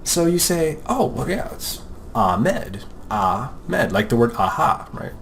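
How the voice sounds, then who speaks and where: A man's voice: mid-range voice, sing-song, slow pace, creaky, a bit bright, a little hiss or hum. A young American man talks casually about art and his name as an art podcast host, rambling and joking, often acting out other people's voices. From United States. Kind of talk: casual talk while drawing.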